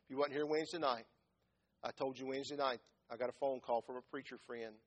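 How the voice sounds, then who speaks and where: A man preaching a sermon as pastor, swinging from loud impassioned calls down to low quiet words. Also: fairly even intonation, quick pace, muffled recording. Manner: impassioned, rising to shouts and dropping low.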